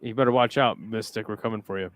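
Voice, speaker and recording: A man's voice: lowish voice, fairly even intonation, fast talker. Laid-back man reading chat comments. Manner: laid-back, hesitant, many ums. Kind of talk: casual chat.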